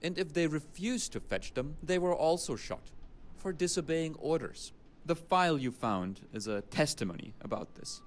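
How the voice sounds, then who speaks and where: A man's voice: fairly high pitch, lively intonation, moderate pace, few pauses, natural voice. An actor with a German accent playing a dry, world-weary male archivist in a video game, with a clipped, matter-of-fact delivery. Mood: grave. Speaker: game character. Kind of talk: game voice acting.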